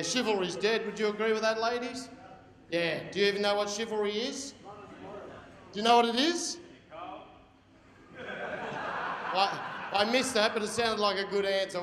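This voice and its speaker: A man in his forties with an Australian accent doing a crude stand-up routine, teasing the crowd. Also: high voice. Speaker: stand-up comedian. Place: large function hall. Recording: echoey hall, loud crowd.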